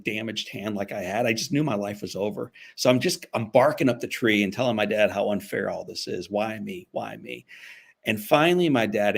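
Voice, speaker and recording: Gravelly low-voiced man telling his story. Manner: earnest, repeats phrases for emphasis. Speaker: guest, motivational speaker. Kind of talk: personal storytelling in an interview.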